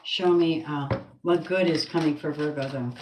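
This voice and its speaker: A woman's voice: low-pitched, fairly even intonation, moderate pace, roomy sound, noisy background. A woman giving a spoken tarot reading with prayers, blunt and earthy, muttering asides to herself. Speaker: tarot card reader.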